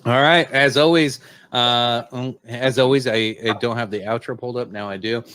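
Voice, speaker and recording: A man hosting a podcast, wrapping up in a loose, halting way with casual swearing. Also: mid-range voice, steady tone, a bit bright, clear, resonant tone. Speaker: podcast host.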